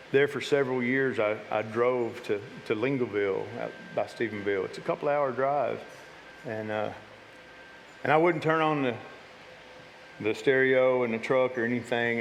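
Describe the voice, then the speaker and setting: A pastor with a medium-pitched voice preaches casually and conversationally to his church, often repeating and restarting his words. Recorded in the sanctuary, the audio has long hall reverb and a little hiss or hum.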